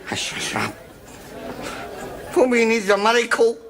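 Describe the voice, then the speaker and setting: Fretful Scottish boozer, gravelly and lively, studio audience laughing clearly behind. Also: male voice, very high-pitched, a little slow, crowd noise, background noise, full character voice. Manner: fretful, earnest. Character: fretful, gloating middle-aged drinker. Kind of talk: sitcom acting.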